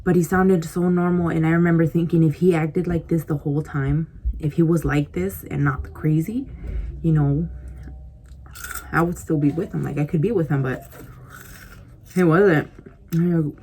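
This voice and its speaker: A woman's voice: sits low, steady tone, normal speed, pauses often, dark tone, a little hiss or hum. A woman vlogger telling a casual story to the camera, rambling and chatty, full of "like" and "you know," confiding in her viewers as she snacks. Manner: confiding, speaks directly to viewers. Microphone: compact camera mic.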